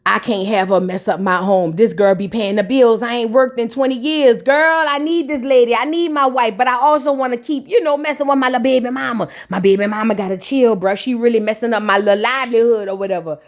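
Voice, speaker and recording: A woman's voice: on the high side, a little fast, hardly any pauses, natural voice. A woman voicing a small, sheepish man who pleads and makes excuses. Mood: pleading.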